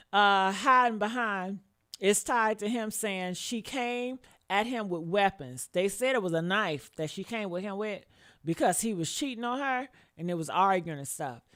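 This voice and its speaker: A woman's voice: mid-range voice, expressive, measured pace, fairly bright tone. A woman in her fifties giving casual live commentary on a crime case, blunt and profane, talking straight to her viewers. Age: 50s. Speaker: commentary vlogger.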